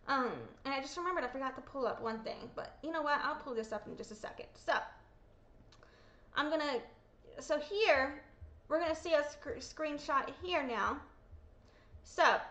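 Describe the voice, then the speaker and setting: A woman's voice: sits high, bright, forceful tone. A woman talking straight to her viewers in an upset, blunt personal callout, swearing and repeating quotes. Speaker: vlogger. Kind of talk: angry personal callout vlog.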